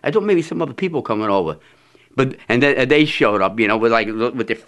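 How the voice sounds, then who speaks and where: A fast-talking man with a medium-pitched, expressive, slightly bright, smooth voice tells a rambling, funny anecdote. It's casual storytelling full of fillers and restarts, and he often breaks into laughter.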